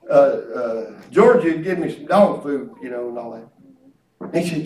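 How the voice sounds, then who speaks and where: A man preaching a storytelling sermon, animated and exclamatory, often breaking into laughter. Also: sits high, moderate pace. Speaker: pastor. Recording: roomy hall, mic at a distance.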